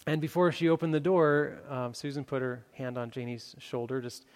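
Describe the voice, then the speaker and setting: A man's voice: mid-range voice, normal speed, darkish tone. A man preaching a sermon, telling a story with many fillers and restarts before making his appeal. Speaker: pastor. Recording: long hall reverb.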